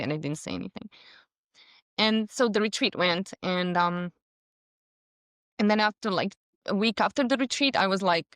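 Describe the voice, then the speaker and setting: A woman's voice: lowish voice, moderate pace, dry recording, studio quality. A woman, a podcast guest telling a story animatedly in casual conversation. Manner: animated storytelling with laughs and voiced quotes.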